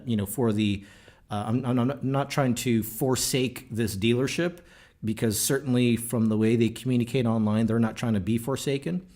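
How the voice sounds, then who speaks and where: A male podcast host in loose conversation with his co-host. His voice sits at a plain middle pitch, and he talks in an animated, joking way, full of fillers and restarts. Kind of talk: casual podcast chat.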